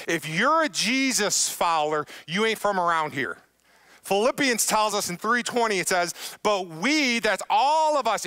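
A man's voice: sits high, sharp tone, clear, resonant tone, no room sound. A man preaching a conversational sermon as pastor, repeating key phrases for emphasis. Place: church stage.

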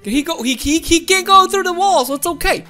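High, lively woman doing game commentary. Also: a little fast, soft background music. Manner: excitable, playful, often laughing and shouting. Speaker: gaming channel host. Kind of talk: let's-play game commentary.

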